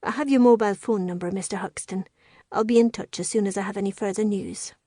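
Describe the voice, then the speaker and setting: A woman's voice: mid-range voice, quick pace, mellow, no echo, clean studio sound, lightly acted. A woman voicing a kindly female medic with a Scottish accent, speaking in a soothing, motherly way. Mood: gentle.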